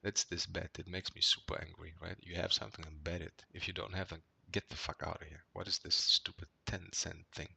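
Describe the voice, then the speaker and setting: Low gravelly man rambling through poker hands. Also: flat delivery, fairly quick, few pauses, bright, forceful tone, no echo. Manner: rambling, frequent "right?" tags and fillers; gets worked up and swears when annoyed. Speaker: poker player reviewing his hands. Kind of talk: casual commentary over gameplay.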